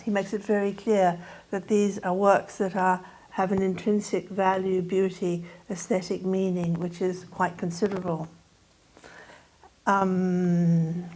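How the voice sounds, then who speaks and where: An older woman delivering an academic lecture. She speaks in a measured, thoughtful way, with a middle-pitched voice and the odd filler as she moves through her points. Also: a little mellow, rough recording. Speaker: guest speaker. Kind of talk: lecture talk.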